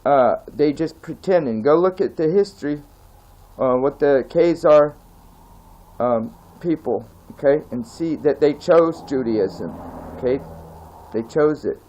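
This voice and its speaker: A man's voice: a little high, measured pace, warm tone, dull audio. A man from the United States, raised in California and Tennessee, giving a meandering monologue full of fillers and "okay?" checks. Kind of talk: rambling monologue.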